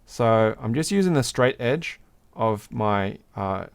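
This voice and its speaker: A man hosts a casual livestream from his workbench and explains each step as he works. He is chatty and relaxed in delivery, with a mid-range voice and the odd laugh. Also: mid-range voice, slow pace, vocal fry, clear, resonant tone. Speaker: livestream host. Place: home workbench.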